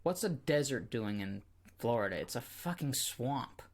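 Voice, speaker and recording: A man co-hosting a podcast, animated and joking, swearing and going off on quick tangents. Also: medium pitch. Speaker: podcast co-host. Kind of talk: casual chat.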